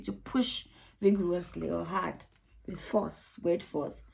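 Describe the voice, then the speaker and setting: A woman's voice: mid-range voice, a little slow, creaky. A woman who hosts her own channel, explaining storytime techniques to early years practitioners and often ending with "isn't it?". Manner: explanatory, asks tag questions.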